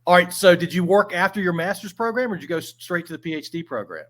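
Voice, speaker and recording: Casual male podcast host, higher voice. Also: quick pace, fairly bright tone. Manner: casual, leading questions with restarts. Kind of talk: conversational interview.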